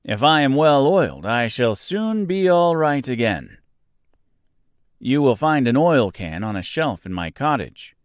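A man voicing a sad, stiff man made of tin in a storybook reading, speaking in a sorrowful, measured way. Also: medium pitch, very animated, dry recording, studio quality, pitched above the performer's own voice. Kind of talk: storybook character voice.

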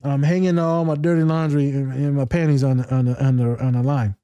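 A man talks candidly in a casual podcast chat, swearing freely and laughing. His voice is mellow and warm at a middle pitch. The sound is dry and close. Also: flat delivery, a little fast, clear, resonant tone, dry recording, highs cut off. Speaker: co-host, therapist.

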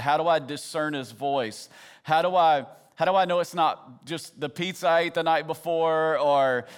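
A man's voice: mid-range voice, a bit bright, smooth. A man in his thirties preaching a sermon as a pastor, conversational and building to passionate emphasis.

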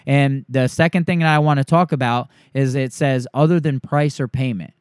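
A man working as a sales coach, walking through a sales script line by line and acting out the pitch he gives a homeowner. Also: steady tone, normal speed, smooth, no room sound, studio quality.

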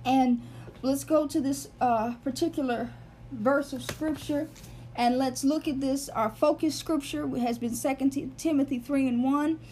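A woman's voice: sits high, fairly even intonation, a little slow, mellow, slight background noise. A woman giving an earnest Bible teaching, explaining word meanings step by step and repeating phrases for emphasis.

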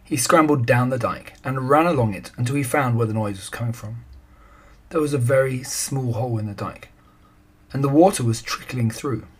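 A man reading a children's story aloud in a calm, even storytelling manner. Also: medium pitch, normal speed, breathy edge.

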